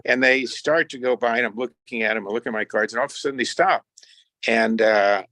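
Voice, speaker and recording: A man's voice: medium pitch, fairly quick, no room sound. An older man as a radio show guest, telling a childhood story and acting out the voices of the people in it. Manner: animated storyteller who acts out voices. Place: remote, away from the host.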